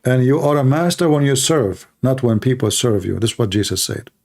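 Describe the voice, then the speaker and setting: A middle-aged man with a gravelly, dark voice hosts a live-streamed religious debate. His English is broken, and his delivery is blunt and combative. He mocks his opponents and fires off rhetorical questions. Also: mid-range voice, expressive, brisk. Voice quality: non-native English with broken grammar. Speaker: debate show host.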